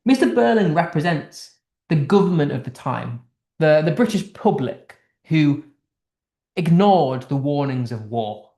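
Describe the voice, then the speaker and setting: A man's voice: fairly high pitch, big pitch swings, measured pace, dark tone. Chatty tutor man in an echoey room. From United Kingdom. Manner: chatty, explaining text line by line, with restarts. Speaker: English literature tutor. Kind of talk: casual online lesson.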